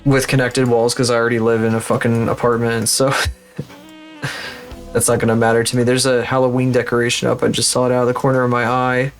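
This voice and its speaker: A man's voice: medium pitch, flat delivery, a little fast, faint music behind. A man chatting casually on a livestream, rambling, swearing freely and laughing at his own stories.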